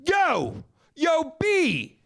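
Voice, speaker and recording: A man voicing an antsy hillbilly teenage boy who acts gangster, shouting in agitated street slang as part of a stand-up bit. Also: very high-pitched, big pitch swings, moderate pace, pitched above the performer's own voice, exaggerated voice. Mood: agitated yelling. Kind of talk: stand-up comedy impression.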